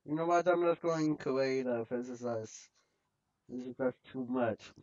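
Frustrated gamer man, slow, dull lo-fi mic. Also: medium pitch, a little mellow. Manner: frustrated, swearing at enemies. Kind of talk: gameplay commentary. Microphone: laptop mic.

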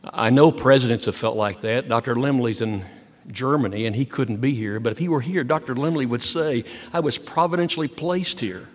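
A man's voice: mid-range voice, brisk. An older man, a university president, giving an earnest, emphatic ceremonial speech at a podium and repeating key words for weight. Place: large hall. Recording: long hall reverb.

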